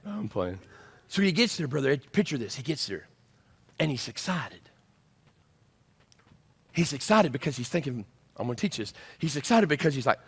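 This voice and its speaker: A man preaching an animated sermon as senior pastor, urging the crowd with call-and-response. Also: medium pitch, normal speed, creaky, pauses often, slightly rough.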